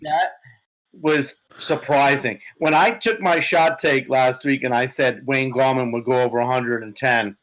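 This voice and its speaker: A man co-hosting a sports podcast, talking excitedly and profanely about his team's win, his voice a bit hoarse. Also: mid-range voice, measured pace, low-quality recording. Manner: animated, profane, laughing. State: hoarse from yelling. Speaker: podcast co-host, Giants fan.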